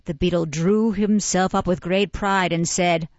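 A woman reading a classic novel aloud in a measured, even storytelling voice. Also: on the low side, no echo. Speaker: audiobook reader. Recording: dull, muffled, dry recording.

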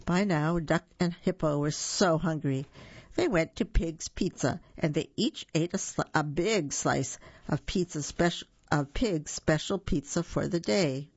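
A woman reading a picture book aloud, slowly and gently, with small slips and restarts. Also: low-pitched, breathy edge, no echo, dull audio. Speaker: storyteller.

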